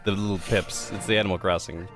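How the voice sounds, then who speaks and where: A man's voice: low-pitched, steady tone, fairly bright tone, faint music behind. A man chatting casually and laughing easily while co-streaming a game. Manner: amused, quick to laugh. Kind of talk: casual let's play chat.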